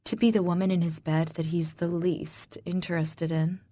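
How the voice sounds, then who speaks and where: A woman narrator voicing a sly, spiteful young woman who taunts slowly and quietly in an audiobook. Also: lowish voice, little pitch movement, no echo, clean studio sound, lightly acted. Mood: cruel.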